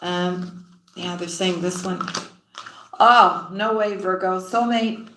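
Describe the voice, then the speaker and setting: A woman tarot reader chatting on a live stream in an unhurried, drawn-out way, with a bright, forceful tone. She greets viewers affectionately as sweetheart and sis and often trails off low and soft mid-thought. The sound is roomy and echoey. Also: a little hiss or hum. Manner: often drops low and quiet mid-sentence.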